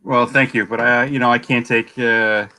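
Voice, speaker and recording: A man who organizes events, chatting easygoingly over a video call with halting, filler-heavy speech. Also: medium pitch, flat delivery, pushed and bright. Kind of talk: casual video-call chat.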